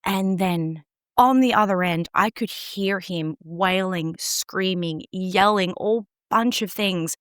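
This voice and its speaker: A woman's voice: medium pitch, slow, clean tone, dry recording, studio quality. A woman guest in an interview, earnestly recounting a distressing personal experience in an emotionally open way.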